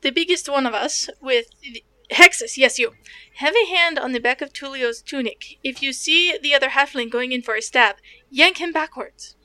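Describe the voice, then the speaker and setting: A woman playing a tabletop game, speaking in a brisk, directive way. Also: high-pitched, bright, forceful tone, clear, resonant tone, no room sound. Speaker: player. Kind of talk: casual tabletop play.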